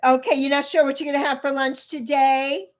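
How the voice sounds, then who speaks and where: A woman's voice: high voice, level tone, a little fast. A woman in her early sixties chatting bluntly on a livestream, repeating herself for emphasis and answering her chat. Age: 60s. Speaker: livestream host.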